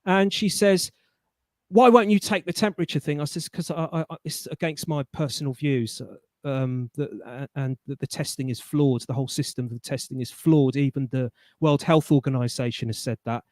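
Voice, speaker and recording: A man's voice: medium pitch, normal speed, darkish tone, no echo, clean studio sound. A man, a guest telling a rambling story in casual chat, stammering and restarting often, on an online call.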